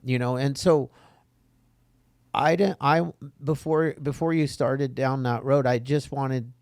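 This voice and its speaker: A podcast host speaks in a mid-range voice, with no trace of room echo. He talks casually and haltingly, restarting and repeating words as he works toward his point. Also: mid-range voice, steady tone, a little mellow, clear, resonant tone, studio quality.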